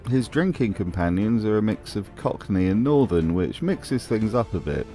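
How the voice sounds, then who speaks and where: Host, male, lowish voice, deadpan sarcastic narration over faint music. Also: normal speed. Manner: dry, mocking humour. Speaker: video essay host. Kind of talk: scripted commentary.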